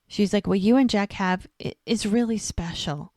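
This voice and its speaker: A woman's voice: mid-range voice, lively intonation, moderate pace, vocal fry, no room sound, clean studio sound. A woman co-hosting a podcast, casually recapping a TV episode by quoting what each character says. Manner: retells scenes by quoting characters, lots of "she's like".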